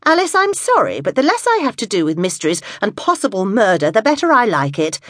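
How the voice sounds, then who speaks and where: A woman's voice: medium pitch, wildly swooping pitch, brisk, fairly bright tone, no room sound, voice pushed up. A woman voicing a wry, reluctant middle-aged amateur sleuth, dry and firm, for an audiobook. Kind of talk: audiobook dialogue.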